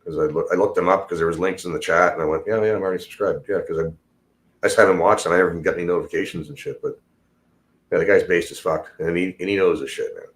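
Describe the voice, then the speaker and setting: A man's voice: sits low, fairly even intonation, fast. A man hosting a casual livestream, rambling loosely and swearing constantly as he talks about his work as a tradesman. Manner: rambling and heavily profane. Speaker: livestream host.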